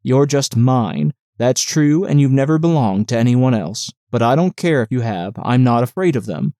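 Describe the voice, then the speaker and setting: A man's voice: medium pitch, animated, normal speed, dark tone, dry recording, studio quality, natural voice. A man reading the lines of an affectionate, teasing young female nurse in an audiobook. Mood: tender.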